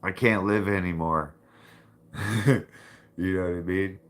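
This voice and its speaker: A man with a very low voice holds a loose, casual conversation. He talks bluntly, swears freely and laughs often as he goes. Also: steady tone, slow pace. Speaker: livestream host. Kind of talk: casual chat.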